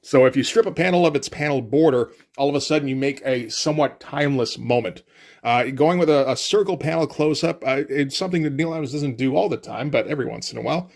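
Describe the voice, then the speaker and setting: A man talks through a comic book page by page in a loose, wry manner. He rambles and fills his pauses with "like" and "uh" without ever sounding rushed. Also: medium pitch, creaky. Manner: wry, rambling, frequent fillers. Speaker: comic reviewer. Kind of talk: casual comic commentary.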